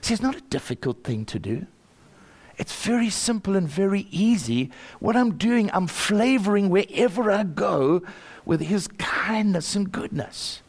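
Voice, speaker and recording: An older South African man shares a personal testimony in a somewhat high voice. He tells it earnestly and with animation, stumbling over repeated words and breaking into chuckles as the story builds. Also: expressive, measured pace.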